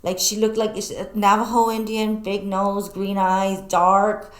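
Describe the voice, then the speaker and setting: A woman co-hosting a talk show, telling animated stories in casual chat and swearing freely. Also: mid-range voice, unhurried. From New Mexico, US. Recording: echoey room.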